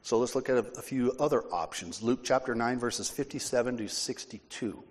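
A man preaching a sermon as pastor, emphatic and forceful, with casual asides. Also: medium pitch, a little fast. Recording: long hall reverb.

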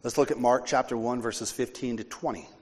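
A man preaching a sermon as pastor, emphatic and forceful, with casual asides. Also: mid-range voice, fairly even intonation, a little fast. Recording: long hall reverb.

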